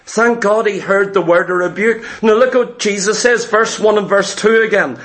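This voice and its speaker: A man preaching a sermon, retelling a Bible story slowly and dramatically and acting out the speakers' words. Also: high voice, a bit bright. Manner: acts out biblical figures' speech.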